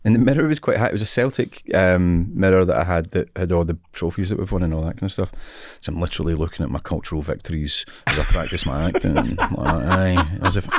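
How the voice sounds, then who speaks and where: A man's voice: low voice, fast, hardly any pauses, no room sound, clean studio sound. A Scottish man in his forties, a guest telling stories in a casual interview and often laughing. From Scotland. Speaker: actor, guest.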